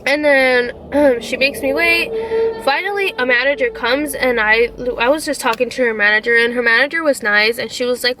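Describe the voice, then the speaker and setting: A young woman vlogging a casual storytime to her followers. Her voice sits a little high and sounds very bright and sharp. She retells the story in an indignant, animated way, full of "like" and swearing. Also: moderate pace, slight background noise.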